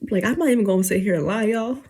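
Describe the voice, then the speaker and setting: A young woman in her twenties talks straight to her viewers in a loose, rambling late-night rant, full of fillers and restarts. She is close to tears and keeps fighting to hold it together. Her voice is mellow and a little husky. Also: medium pitch, racing. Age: 20s. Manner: emotional, on the verge of tears, rambling with many fillers. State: teary, holding back tears. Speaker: YouTuber.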